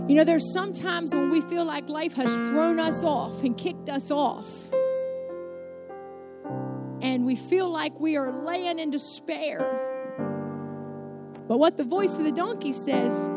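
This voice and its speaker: A woman's voice: high-pitched, slow pace, long pauses. A woman pastor preaching a sermon with rhythmic repeated refrains. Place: church. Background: soft piano.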